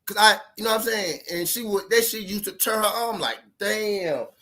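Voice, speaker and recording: This man's high voice is brisk, pushed and bright as he casually tells viewers a relationship story. He's a relationship-advice vlogger whose street talk is full of profanity, repetition and hard emphasis.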